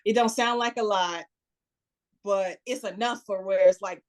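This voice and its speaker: A woman's voice: mid-range voice, a little slow. A woman with a Chicago accent, a podcast guest, telling a story casually, acting out quotes and laughing often. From United States.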